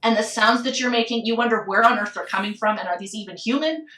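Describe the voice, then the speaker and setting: A woman's voice: a little high, reverberant, distant mic. Candid woman telling a painful story. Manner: candid and emotional, with soft laughs and slowed phrases. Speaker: podcast guest. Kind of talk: personal storytelling in a podcast conversation.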